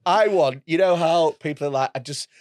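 A man's voice: a little high, moderate pace, a little mellow, no echo. Crude, joking male podcast co-host. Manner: crude, joking, swears freely. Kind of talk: casual comedy chat.

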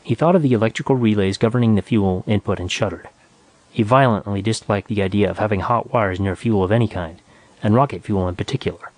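A man narrating a science fiction story in a measured, even reading. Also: lowish voice, no room sound. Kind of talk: scripted audiobook narration.

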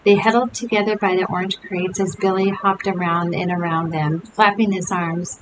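A woman reading a children's book aloud in an expressive storytelling manner, over a steady hiss. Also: on the low side, moderate pace, few pauses.

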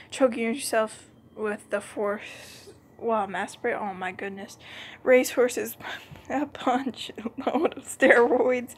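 A woman hosting a game video, reading cards aloud in a playful, giggly way with muttered asides. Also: a little high. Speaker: gaming channel host. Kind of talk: let's play commentary, reading cards aloud.

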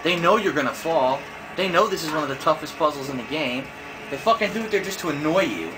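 A young man talks through a video game he is stuck on, thinking aloud and cursing in frustration. His voice sits a little high. Game music plays clearly behind him. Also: lively intonation, quick pace, rough recording. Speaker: gamer. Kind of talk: frustrated gameplay commentary.

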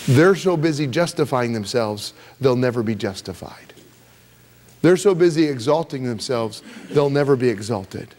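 A man preaching a sermon as pastor, emphatic and repetitive, swinging from loud rises to soft drops. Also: mid-range voice, lively intonation, moderate pace. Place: church sanctuary.

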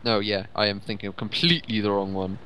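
Excitable joking male co-host, bright tone. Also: fairly low pitch, quick pace, a little hiss or hum. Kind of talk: casual gameplay commentary.

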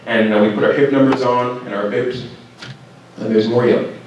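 A young adult man from Canada giving a keynote speech to students at a school banquet, telling his story in a lively way. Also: medium pitch, moderate pace, dull audio, slight background noise. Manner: lively storyteller who acts out shouted quotes. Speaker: keynote speaker. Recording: very echoey hall, mic far off.

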